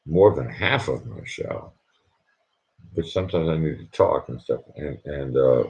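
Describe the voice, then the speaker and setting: Very deep-voiced man streaming quietly. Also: creaky. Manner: hushed, rambling, reads chat aloud. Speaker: livestreamer. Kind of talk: casual live-stream chat. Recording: dull lo-fi sound.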